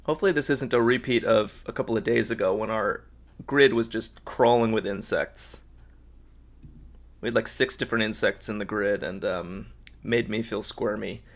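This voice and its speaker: A man's voice: lowish voice, moderate pace, fairly bright tone. A man hosting a live crossword stream, thinking aloud in an upbeat way and reading out viewers' answers. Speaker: host of a live crossword solve. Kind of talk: live-stream puzzle solving, chatting with viewers.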